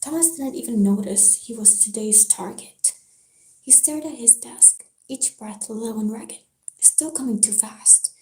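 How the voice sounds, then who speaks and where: A woman reading a novel aloud on a live stream in a soft, slow whisper. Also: on the high side. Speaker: live-stream book reader. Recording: roomy echo, faint hiss, dropping stream.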